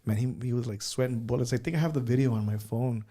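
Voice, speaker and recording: Musician guest, man, mid-pitched voice, chatty storyteller who code-switches. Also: quick pace. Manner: animated anecdotes with slips into Spanish phrases. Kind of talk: casual interview storytelling.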